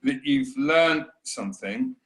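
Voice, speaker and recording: A man's voice: medium pitch, a bit bright. A middle-aged man, talking earnestly in an interview, often restarting his sentences. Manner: earnest, halting, many restarts, mimics voices. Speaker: interview guest. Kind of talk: reflective conversation. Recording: roomy echo.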